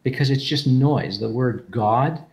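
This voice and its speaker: A man's voice: mid-range voice, a little slow, creaky, a little mellow. A man explaining philosophy in a casual group talk, thinking aloud with restarts and repeated words over an online call.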